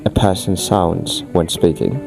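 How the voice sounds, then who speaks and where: An English teacher from Angola is questioned on a podcast and explains at length, speaking emphatically and often restarting his phrases. His low, gravelly voice holds a steady tone and measured pace over music.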